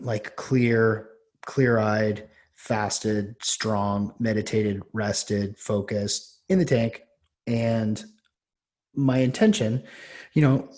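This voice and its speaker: A man's voice: lowish voice, darkish tone. A man, a podcast host and coach, telling a personal story in a loose, rambling way with many restarts. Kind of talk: casual storytelling.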